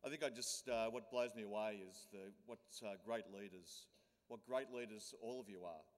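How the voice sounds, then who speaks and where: A man's voice: on the low side, normal speed. An Australian man, a union leader, giving a rousing speech to a conference crowd. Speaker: union leader, keynote speaker. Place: large conference hall. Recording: long hall reverb.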